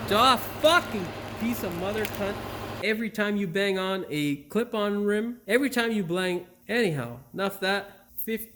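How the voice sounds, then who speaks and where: A man's voice: sits high, slight background noise. A man hosting a car repair tutorial in his garage. He is upbeat, keeps calling viewers "boys and girls," and curses freely when things go wrong. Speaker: host of a car repair channel. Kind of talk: casual how-to tutorial with outtakes. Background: neighbor's air compressor.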